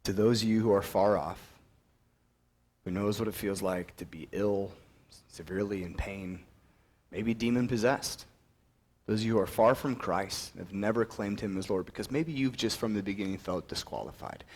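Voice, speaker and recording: A young man preaching a sermon, telling Bible stories with animated, acted-out quotes and dropping to a soft, earnest voice for his appeal. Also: moderate pace. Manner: drops to a soft, earnest low voice when appealing.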